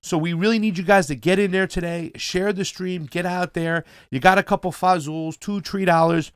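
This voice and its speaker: Slightly high-voiced guy hosting a stream, dry sound, pumped up, keeps saying fam. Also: fairly even intonation, moderate pace, clean tone, dry recording. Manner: hyped, reads donor names, calls viewers fam. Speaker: livestream host. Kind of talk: casual livestream chat.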